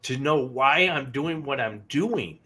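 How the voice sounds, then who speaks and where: A man co-hosting a paranormal podcast, telling a personal story in a halting, emotional way and often repeating himself. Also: mid-range voice, animated, bright, forceful tone, breathy edge. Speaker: podcast co-host. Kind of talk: casual storytelling.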